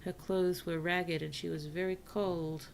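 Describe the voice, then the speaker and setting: A tired woman streamer gently chatting with her viewers during gameplay, softly spoken and often dropping to a whisper. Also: on the low side, flat delivery, unhurried, gravelly, slight background noise. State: tired, yawning. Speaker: virtual streamer. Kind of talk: casual gameplay commentary to chat.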